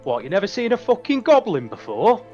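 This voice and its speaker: A man's voice: high voice, huge pitch swings, brisk, darkish tone, soft background music. A man voicing a crude, belligerent male goblin cleric who swaggers and picks fights, on a slightly dull mic.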